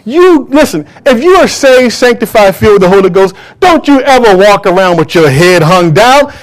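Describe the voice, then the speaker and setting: A man's voice: high voice, big pitch swings, normal speed. A man preaching a sermon to a church congregation, emphatic and drawing call-and-response from the crowd. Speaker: pastor.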